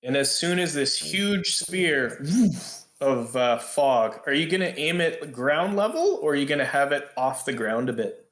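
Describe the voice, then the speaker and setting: Slow-talking male game master, echoey room. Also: a little high, lively intonation, fairly bright tone. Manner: checks rules aloud, asks players questions. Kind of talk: running a tabletop game.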